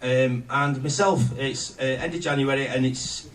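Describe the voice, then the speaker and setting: A man's voice: mid-range voice, steady tone, a little slow. Rambling male host. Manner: loose, self-deprecating, hesitant with fillers. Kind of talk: casual stage hosting. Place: live music studio venue. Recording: distant live room with noise.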